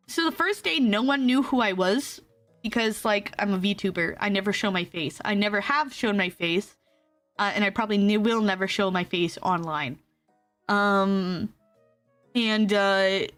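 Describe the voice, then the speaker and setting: A young woman VTuber telling a story in a casual, animated way, laughing often. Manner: animated, laughs often, acts out quotes in high squeals. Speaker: VTuber streamer.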